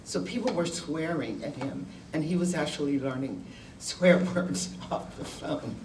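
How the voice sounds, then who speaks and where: Low-voiced and a little mellow, the older woman talks a bit slowly but with lively intonation, giving a school class a candid, wry, conversational account of her life as their guest speaker. There's slight background noise, and the distant mic lends a roomy quality.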